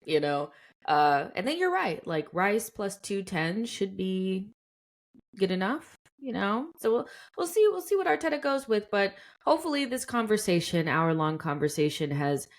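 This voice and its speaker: Animated, chatty woman hosting a football podcast. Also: medium pitch, moderate pace. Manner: laughs often, animated and chatty. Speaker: podcast host. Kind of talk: casual football chat.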